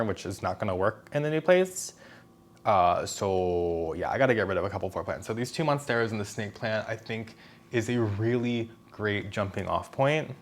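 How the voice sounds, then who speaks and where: Man, casual vlog chat, slightly low pitch, rambling, self-correcting, at home indoors. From Philadelphia area. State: out of breath. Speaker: plant vlogger.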